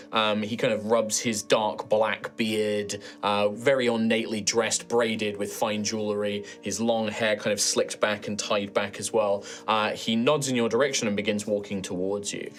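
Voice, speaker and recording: A man narrating as game master in a relaxed way, with many fillers. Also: fairly low pitch, moderate pace.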